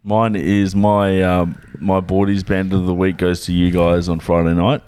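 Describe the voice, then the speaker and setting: A man's voice: deep voice, normal speed, smooth. A man bantering and joking on a podcast, laughing often. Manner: joking, laughs a lot, lively. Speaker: podcast co-host. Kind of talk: casual banter.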